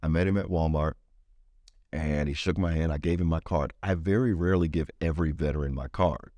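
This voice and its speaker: A middle-aged man speaks in a very low, deep voice, recorded close and dry. He tells his story in an interview with energy and acts out the people in it. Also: a little fast, no echo. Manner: animated storyteller, acts out quoted voices higher. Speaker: veteran advocate guest.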